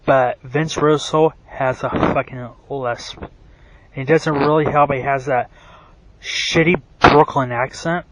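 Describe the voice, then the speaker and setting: Man, slow rambling rant, swears a lot, stumbles and restarts, mid-pitched voice. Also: steady tone, background noise. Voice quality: self-described bad voice. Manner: profane, rambling rant with frequent restarts and fillers. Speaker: wrestling commentary vlogger. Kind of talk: ranting monologue.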